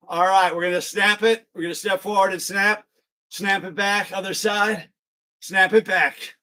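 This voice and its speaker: A high-pitched man energetically leads an online exercise class. He calls out counts and shouts encouragement to his students by name.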